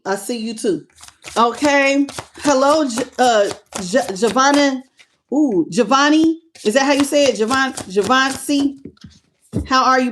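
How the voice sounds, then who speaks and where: A woman reading tarot cards live on her channel, greeting viewers by name and calling them baby with animated excitement. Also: high-pitched. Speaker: tarot reader.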